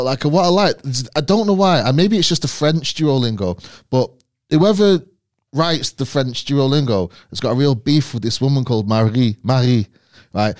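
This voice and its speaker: A man who is a guest on a podcast, speaking at an ordinary pitch. He rambles through his stories, laughs often and swears casually. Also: no room sound, clean studio sound. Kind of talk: casual chat.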